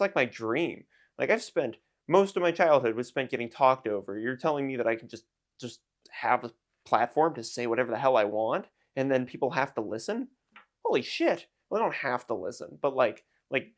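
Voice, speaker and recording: A man in his twenties, talking to camera in a rambling, self-mocking, jokey vlog rant. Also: medium pitch. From United States. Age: 20s. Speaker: YouTuber and streamer.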